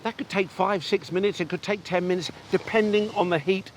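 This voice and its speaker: A man's voice: high-pitched, a little fast, slight background noise. A man hosting an outdoor cooking show, chatting enthusiastically and talking straight to the viewers as he demonstrates. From England. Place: outdoors on a beach.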